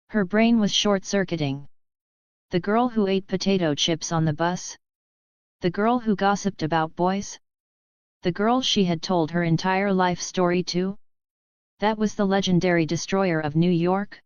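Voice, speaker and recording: A woman narrating an audiobook in a steady storytelling manner. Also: on the low side, normal speed, clean tone, no room sound. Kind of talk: scripted narration. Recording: muffled lo-fi recording.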